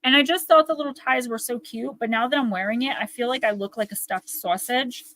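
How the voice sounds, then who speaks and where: A woman's voice: fairly high pitch, brisk, a bit bright, dry recording. A woman with a Northern New Jersey accent, chatting and rambling to her viewers as she hosts a live oracle card reading.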